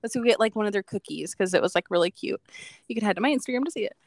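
Speaking rapid-fire in a mid-range voice, a young podcast co-host recounts something personal during a casual chat. She's chatty and reflective, with "like" dropping into almost every sentence. The audio has no echo.

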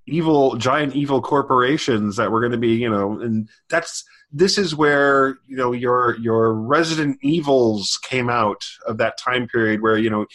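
A man's voice: medium pitch, a bit bright. Rambling middle-aged man chatting on a podcast. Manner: halting, many fillers and restarts. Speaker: podcast co-host. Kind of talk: casual rambling chat.

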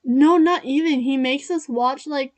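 Giggly high-voiced girl co-hosting a podcast. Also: measured pace. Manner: giggly, rambling, lots of fillers. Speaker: podcast co-host. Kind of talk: casual chat.

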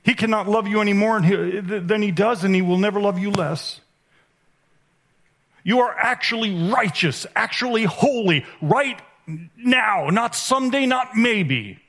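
A man giving a sermon as a conference speaker, animated and emphatic, swinging between hushed and raised delivery. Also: high voice, a little slow. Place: conference hall.

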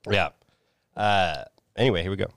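A man's voice: sits low, moderate pace, a bit bright, smooth, no echo. A young man co-hosting a movie podcast, joking loosely and swearing in casual banter. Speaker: podcast co-host.

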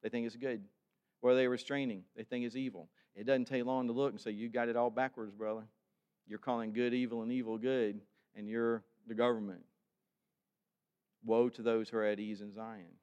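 An older male pastor delivers a sermon in an emphatic preaching manner, pressing each point and rising to loud exhortation. His voice sits at an ordinary pitch. It carries the long reverb of a church sanctuary. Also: little pitch movement, moderate pace, clean tone, lo-fi sound.

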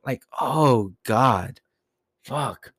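A man's voice: mid-range voice, animated, extremely slow, a bit bright, no echo, studio quality. A young man ranting alone as a podcast host, profane and agitated, rambling and swearing constantly. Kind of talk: solo rant.

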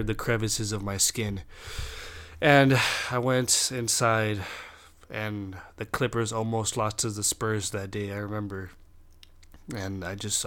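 A man's voice: lowish voice, a bit bright, smooth. A young man from Southern California telling a story in a casual, profane rant, full of filler words.

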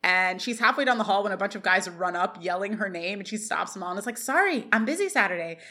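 A woman's voice: mid-range voice, lively intonation, fast talker, sharp tone. Woman podcaster recapping scenes, quoting lines, laughs a lot. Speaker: podcast co-host. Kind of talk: casual recap chat.

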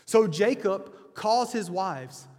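A man delivers a sermon in a high, light voice, telling the story in a loose, conversational way. He often backs up and restarts his phrases. His voice rings out with a long reverb, as in a big hall. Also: animated, slow pace, a little mellow. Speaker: preacher. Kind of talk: sermon retelling a scripture story.

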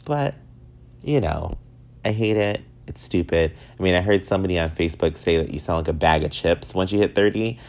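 A man in his thirties from upstate New York, telling self-mocking stories in a casual, animated way. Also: brisk, gravelly. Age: 30s. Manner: animated, self-mocking, swings up high for acted quotes. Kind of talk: casual storytelling monologue.

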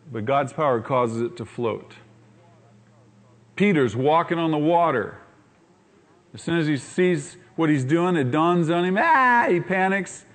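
Here a man, a pastor, delivers a sermon in a slightly high voice. He animates each character as he tells the story and throws rhetorical questions at the congregation.

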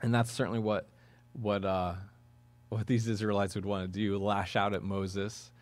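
A man's voice: on the low side, level tone, moderate pace. A man preaching a sermon as pastor of a church, talking in a conversational, earnest way that now and then rises into emphatic bursts.

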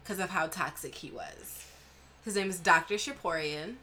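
A young woman from Brooklyn, co-hosting a podcast and telling a story in a casual, profane, animated way. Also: on the low side, moderate pace, slight background noise. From Brooklyn, New York. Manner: animated, profane, mimics voices in anecdotes. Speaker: podcast co-host.

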